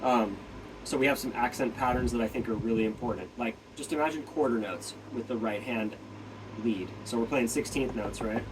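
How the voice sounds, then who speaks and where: Man, drum teacher, casual explaining, counts beats aloud, heard from across the room, loud stick clatter behind. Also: medium pitch, moderate pace. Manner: counts beats aloud while demonstrating on a practice pad; loose, filler-heavy explaining with frequent "right?". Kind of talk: casual instructional talk. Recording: distant mic with loud drum-pad noise.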